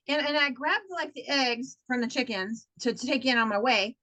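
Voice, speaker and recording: A married woman co-hosting a casual chat show with a Texan accent, telling stories in an animated way and acting out quotes with sudden high jumps. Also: normal speed, low-quality recording. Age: adult, married. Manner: animated, acts out quotes with big pitch jumps. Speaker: podcast co-host.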